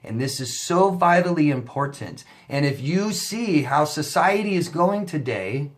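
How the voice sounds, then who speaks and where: A man's voice: on the high side, lively intonation, measured pace. A man, a relationship coach, talking casually to camera, telling a story with lots of fillers and restarts before turning to advice.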